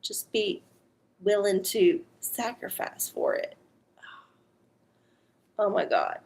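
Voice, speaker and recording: Slow, gravelly, foul-mouthed woman. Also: mid-range voice, wildly swooping pitch, a little mellow. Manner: blunt, profane and chatty. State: teary-eyed. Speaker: livestream host doing tarot-style readings. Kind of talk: casual livestream chat.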